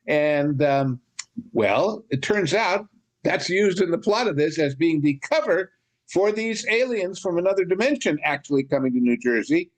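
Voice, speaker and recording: Man, podcast co-host, rambling anecdotes, casual film chat, slightly high voice. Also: animated, moderate pace.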